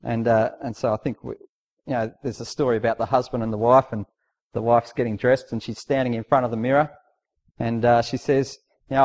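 A man's voice: mid-range voice, flat delivery, fairly quick, a little mellow. A man preaching a sermon in a conversational, emphatic way, posing rhetorical questions and reading out scripture.

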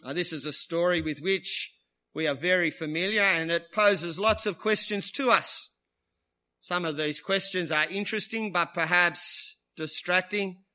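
Bright, high-voiced man preaching a sermon. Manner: conversational, asks the congregation tag questions; shifts between quiet, slow emphasis and lively bursts.

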